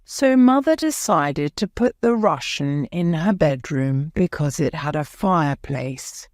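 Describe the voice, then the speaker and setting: A woman narrates a graded-reader story for English learners. Her voice is fairly low and her reading is slow and very clear. The recording is close and dry, with no room sound. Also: expressive, a little mellow, no echo. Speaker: audiobook narrator.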